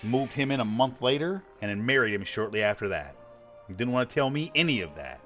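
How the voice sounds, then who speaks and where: A man's voice: medium pitch, animated, fairly quick, bright, forceful tone, faint music behind. A man in his forties streaming a game, talking bluntly and profanely in a rambling casual chat. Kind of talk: casual chat while gaming.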